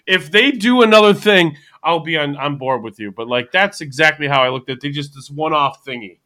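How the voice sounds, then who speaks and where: A man's voice: on the high side, expressive, fairly quick, bright, forceful tone. A man hosting a casual podcast chat, rambling and thinking aloud as he talks. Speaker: podcast host.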